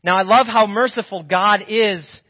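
A man preaching a sermon as pastor, telling a Bible story with animated, acted-out voices. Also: high voice, a little slow. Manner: animated storytelling, acts out biblical figures' voices. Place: church sanctuary. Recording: muffled audio in a reverberant church.

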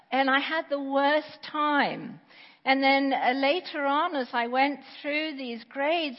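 A woman in her sixties giving a sermon with personal testimony, conversational and halting with restarts, in a church. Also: fairly high pitch. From England. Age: 60s. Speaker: preacher. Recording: dull recording with long church reverb.

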